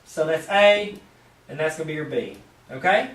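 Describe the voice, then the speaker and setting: A man's voice: a little high, normal speed, a bit bright. A man teaching a math lesson at a whiteboard, explaining steps while cracking playful jokes and asides to the viewer. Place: room with a whiteboard. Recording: roomy, mic at a distance.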